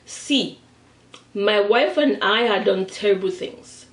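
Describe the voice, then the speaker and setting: A woman doing a hushed, guilty man. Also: mid-range voice, takes it slowly, reverberant, far from the mic. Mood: confessional. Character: man confessing a dark past, subdued.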